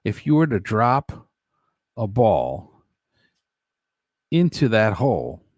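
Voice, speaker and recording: A man's voice: fairly low pitch, sing-song, slow pace, a little mellow, dry recording, clean studio sound. A man hosting a casual live stream, reading chat aloud, joking and laughing often. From United States. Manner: laughs often, jokey, plays silly voices for chat.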